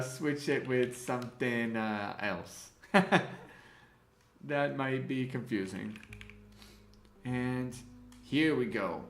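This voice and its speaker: Slow-talking man hosting a design livestream. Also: mid-range voice, roomy sound. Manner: thinks aloud, greets chat, relaxed. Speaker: livestream host and graphic designer. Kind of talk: casual livestream chat while designing.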